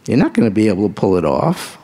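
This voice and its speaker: A man preaching a live sermon to a congregation, emphatic, asking them direct questions and breaking into sudden high exclamations. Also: wildly swooping pitch, quick pace, warm tone, slightly rough. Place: church hall with a congregation. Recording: reverberant hall sound.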